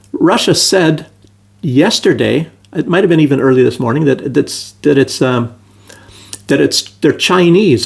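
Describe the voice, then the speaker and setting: A man's voice: medium pitch, vocal fry, a little mellow. A man giving a casual political commentary monologue, rambling with many fillers and restarts. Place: Belarus.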